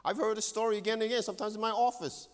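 A man with a fairly high voice preaches a sermon as a pastor. He speaks earnestly, pressing hard on some phrases and sinking to near-hushed tones on others. His voice rings with long reverb in a large hall. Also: fairly even intonation, very fast. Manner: earnest, swings between loud emphasis and hushed low tones.

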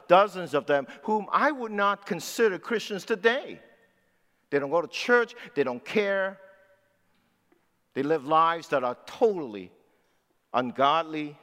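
A man in his sixties preaching a sermon as pastor, swinging between loud emphatic lines and low, quiet asides. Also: animated, unhurried, pauses often. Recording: long hall reverb.

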